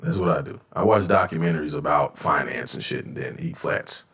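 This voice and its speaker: A man in his thirties co-hosting a podcast, loud and profane, laughing often. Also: rumbling low, brisk, vocal fry. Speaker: podcast co-host. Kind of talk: casual chat. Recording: echoey room, mic at a distance.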